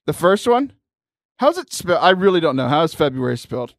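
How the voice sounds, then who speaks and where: A man hosting a casual comedic radio show, energetic and rambling, laughing between jokes. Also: on the high side, brisk, no echo, clean studio sound. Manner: energetic, jokey, rambling with restarts. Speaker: podcast host. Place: radio studio.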